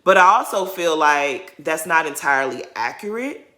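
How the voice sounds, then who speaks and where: A woman giving opinionated, animated commentary as she recaps a reality TV episode for her viewers. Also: low voice, moderate pace. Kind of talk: casual commentary vlog.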